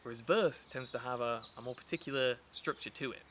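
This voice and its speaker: Man, poetry teacher, chatty explaining, outdoor recording, clear birdsong and rural noise. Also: medium pitch, fairly quick. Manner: chatty and explanatory, with many fillers and restarts. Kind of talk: casual spoken lesson. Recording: outdoor recording with clear nature sounds behind. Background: birds and rural ambience.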